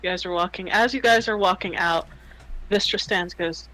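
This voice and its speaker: A man's voice: high-pitched, pushed and bright, poor audio. A man narrating a tabletop game as game master, telling the story unhurriedly. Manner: unhurried storytelling, casual swearing.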